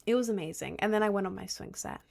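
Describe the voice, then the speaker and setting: A woman's voice: medium pitch, fast talker, vocal fry, a little mellow. Rambling young woman streamer. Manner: rambling, filler-heavy, lots of "like". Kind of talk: casual chat.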